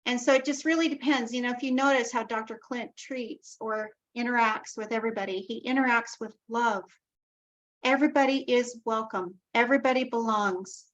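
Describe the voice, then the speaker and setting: A woman with a slightly high voice hosts an online group call. She talks casually and keeps circling back to loving affirmations. The video call sound is dull and lo-fi. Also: normal speed. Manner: warm-hearted, repeats herself, loving affirmations. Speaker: call host.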